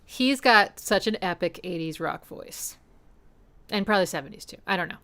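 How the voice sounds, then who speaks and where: A woman's voice: fairly low pitch, lively intonation, normal speed, pushed and bright. A woman hosting a casual music analysis stream at home. She talks in an enthusiastic, chatty way and scats rhythms aloud to explain them. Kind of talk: casual educational music commentary. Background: faint song playing.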